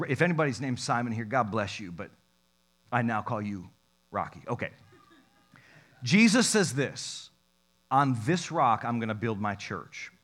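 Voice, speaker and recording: A pastor preaching a lively sermon, mixing scripture reading with jokes, swinging between loud and soft. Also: male voice, mid-range voice. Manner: animated, jokey preaching with sudden loud and soft turns.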